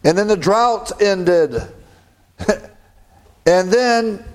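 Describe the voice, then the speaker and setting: A man's voice: sits high, extremely slow. A man preaching a sermon, reading scripture and adding conversational asides with frequent chuckles.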